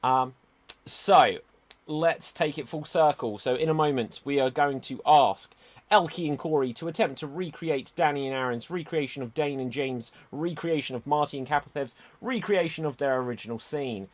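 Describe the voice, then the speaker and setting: Upbeat man hosting an improv show. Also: a little high. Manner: brisk, upbeat announcing.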